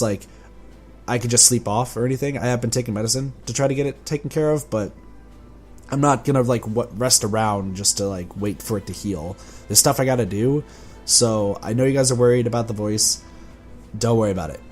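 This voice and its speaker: A man with a hoarse, sore voice giving a casual, rambling channel update as a gaming YouTuber, often restarting words and chuckling. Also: medium pitch. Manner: rambling, self-correcting, chuckling.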